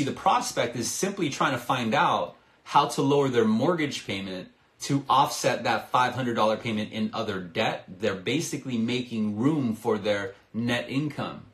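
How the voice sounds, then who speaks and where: Male sales coach, mid pitch, persuasive and energetic, roomy echo. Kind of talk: live-stream sales lesson.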